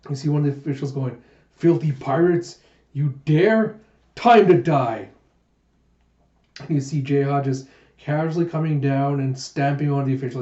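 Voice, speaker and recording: A man doing an animated manga readthrough, narrating the panels and reading the characters' lines aloud with playful voices. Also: mid-range voice. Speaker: manga reviewer. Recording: muffled lo-fi echoey room.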